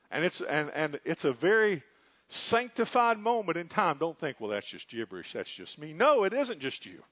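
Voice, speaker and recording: Fervent preacher on lo-fi audio. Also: male voice, on the high side. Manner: fervent preaching that swings from hushed to loud, folksy storytelling. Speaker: pastor. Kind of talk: sermon. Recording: dull lo-fi recording.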